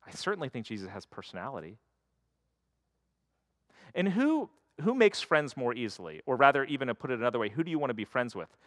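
A man's voice: medium pitch, very animated, quick pace, fairly bright tone, no room sound, clean studio sound. A man preaching a sermon in a conversational way, slipping into quoted voices to act out the stories. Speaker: pastor.

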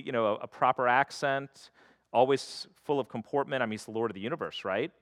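A pastor with a mid-range, fairly bright voice preaches a sermon in a conversational style, slipping into quoted voices to act out the stories. The recording is dry and has a clean studio sound.

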